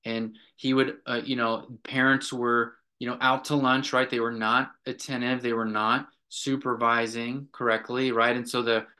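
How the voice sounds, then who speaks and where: Bright-voiced earnest male therapist. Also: medium pitch, flat delivery, normal speed, few pauses. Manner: earnest storytelling, often tags "right?". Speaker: clinical director and therapist. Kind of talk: recounting a therapy session to a group.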